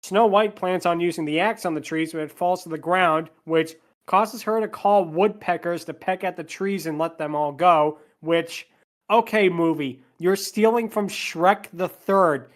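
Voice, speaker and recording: Sardonic podcast host recapping a movie. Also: male voice, fairly high pitch, normal speed, hardly any pauses. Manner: plot narration with sarcastic asides.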